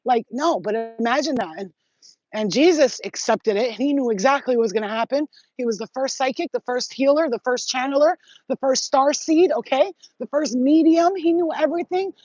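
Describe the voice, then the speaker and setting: A woman talking as a spiritual healer in a rambling, animated and profane livestream monologue. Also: sits high, moderate pace, breathy edge, dry recording, dull audio.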